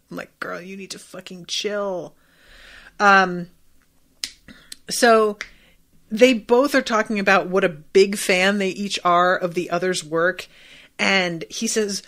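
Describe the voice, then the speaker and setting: A woman hosting a podcast, recapping a TV episode in a casual, profane, animated way. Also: medium pitch, unhurried, long pauses. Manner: animated, profane, bursts into laughter.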